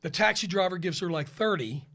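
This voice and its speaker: A male opera tenor and podcast co-host, telling a joke as a deadpan story. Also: high voice, a little fast. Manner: deadpan storyteller building a punchline.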